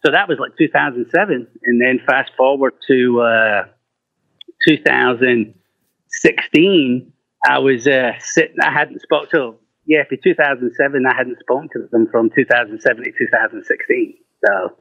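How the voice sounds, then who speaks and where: On a dry, muffled, lo-fi recording, a middle-aged rock singer talks at normal speed with a medium-pitched voice. He's telling casual stories, cursing freely, laughing, and performing the voices of people he quotes.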